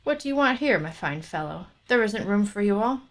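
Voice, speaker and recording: A woman's voice: medium pitch, fairly even intonation, a little fast, a bit bright, close to an everyday voice. A woman reading aloud as a rude male porter who scorns visitors at the door. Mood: scornful. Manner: scornful, bossy.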